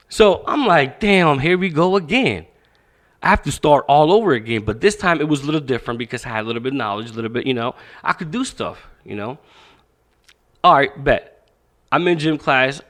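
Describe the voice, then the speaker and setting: A man in his thirties from Pakistan, a boxing coach talking as a podcast guest, telling a story casually with frequent swearing and acted-out quotes. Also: mid-range voice. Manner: animated storyteller, swears freely, acts out quotes.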